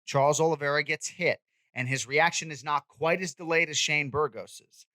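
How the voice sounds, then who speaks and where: Bright-voiced man talking fights. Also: a little high, no echo. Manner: animated, quick and conversational. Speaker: podcast host and MMA commentator. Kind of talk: casual sports chat.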